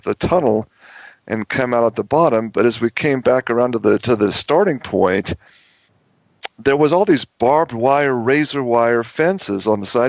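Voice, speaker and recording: A man's voice: medium pitch, no echo. A man hosting a talk show, telling a long story in a rambling way with many restarts and repeated words. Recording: dull lo-fi audio.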